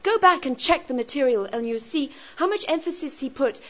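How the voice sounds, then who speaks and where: A woman's voice: high voice, expressive, a little fast, a bit bright, lo-fi sound. A woman teaching a grammar lesson to a class, often checking in with rhetorical questions such as "right?" and "okay?".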